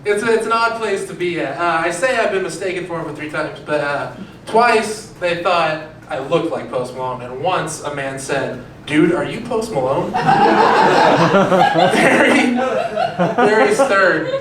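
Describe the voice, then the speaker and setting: A man's voice: a little high, animated, measured pace, heavy background noise. Young man doing stand-up, echoey club. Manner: conversational, self-deprecating, asks the crowd questions. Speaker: stand-up comedian. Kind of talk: stand-up comedy set. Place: comedy club stage. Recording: echoey club heard from a distance, crowd laughing. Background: audience laughter.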